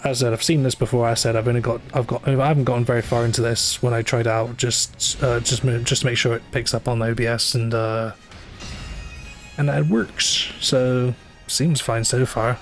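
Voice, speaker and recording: With faint game music in the background, a man livestreams a gacha game, chatting casually in a mid-range voice at a moderate pace and fairly even intonation. His commentary rambles, full of fillers, restarts, self-corrections, and dry asides.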